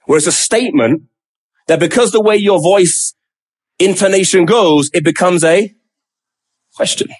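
High-voiced male preacher acting out pleas. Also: unhurried, pauses often, husky. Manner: dramatic, acts out the prophet's pleading questions. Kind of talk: sermon.

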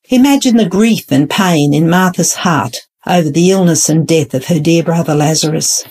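A woman reading a scripted devotional Bible story in a measured, earnest way. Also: lowish voice, a little mellow, husky. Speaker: devotional narrator. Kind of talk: scripted devotional narration with prayer.

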